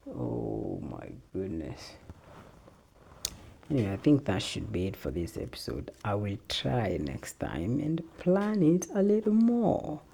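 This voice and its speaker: Man, slow rambling podcast host, gravelly mellow voice, swears a lot. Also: lowish voice, wildly swooping pitch, slight background noise. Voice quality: swears a lot, laid-back and off-the-cuff. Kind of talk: rambling solo podcast chat.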